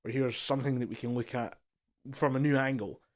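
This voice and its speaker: A man's voice: mid-range voice, steady tone, a little fast. A man co-hosting a casual podcast over a voice call, speaking in an easygoing way with many filler phrases. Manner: easygoing, laughs often, uses filler phrases. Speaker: podcast co-host. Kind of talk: casual chat. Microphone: home mic over a voice call.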